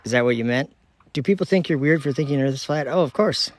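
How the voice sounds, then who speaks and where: A fast-talking man with a medium-pitched voice streams live on his phone from outside at night in Minnesota. Casual and chatty, he reads his viewers' comments aloud and laughs easily along the way.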